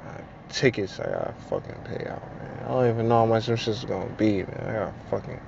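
A man's voice: fairly low pitch, wildly swooping pitch, quick pace, vocal fry, hardly any pauses, darkish tone, highs cut off, slight background noise. A young man venting in a casual vlog monologue, frustrated and profane, repeating himself. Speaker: vlogger.

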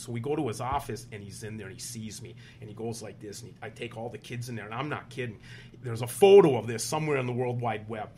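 Fast-talking with a medium pitch and a bit of hiss or hum, a Wisconsin man in his fifties, a state senator and former teacher, guests on an interview. He's a lively storyteller who acts out what other people said.

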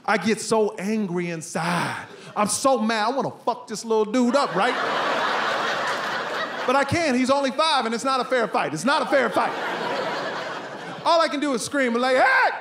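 Middle-aged guy doing standup, kinda high voice, jumps all over the place, noisy club room. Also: normal speed. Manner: animated, acts out family scenes, bursts into shouts. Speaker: stand-up comedian. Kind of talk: stand-up comedy set. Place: comedy club stage with live audience. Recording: live room with steady ambience noise.

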